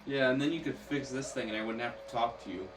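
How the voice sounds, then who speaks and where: A man's voice: mid-range voice, fast talker. Joking man in noisy echoey game chat. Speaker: gamer playing the game. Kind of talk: casual let's-play chat. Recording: echoey, distant mic, noisy background.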